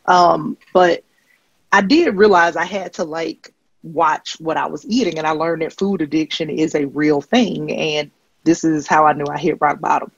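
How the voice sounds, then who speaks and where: A woman comedian doing a stand-up set, deadpan and rambling with filler ums. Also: low voice, normal speed, creaky, husky, no echo, muffled recording. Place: comedy stage.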